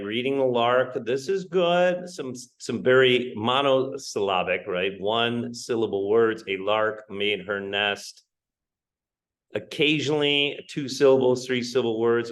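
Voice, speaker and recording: A man's voice: medium pitch, a bit bright, low-quality recording. A man teaching English in a live-streamed online lesson, talking conversationally, checking in with "right?" and greeting viewers by name as they join. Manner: conversational, keeps asking "right?".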